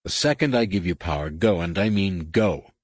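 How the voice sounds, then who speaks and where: A man voicing a wisecracking middle-aged pilot in an audiobook, dry and gruff. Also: sits low, animated, moderate pace, no room sound. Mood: urgent.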